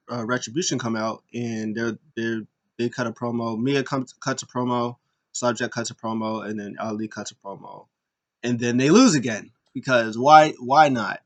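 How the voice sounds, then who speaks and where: Male host, casual recap, rambling delivery with restarts and fillers, mid-range voice. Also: mid-range voice. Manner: rambling, animated retellings with frequent fillers and restarts. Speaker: podcast host.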